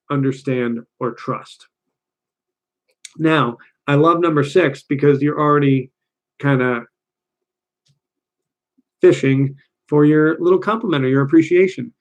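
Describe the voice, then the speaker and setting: A man giving a casual, energetic coaching talk straight to camera, often acting out quick quoted voices. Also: fairly high pitch. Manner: energetic, conversational, acts out little quoted voices. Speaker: dating coach.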